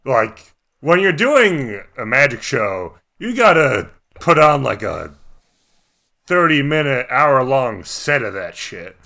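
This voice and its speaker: A man's voice: medium pitch, very animated, takes it slowly, vocal fry, bright, forceful tone. A man in casual chat about a tabletop game, thinking aloud with lots of restarts. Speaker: tabletop game podcast co-host.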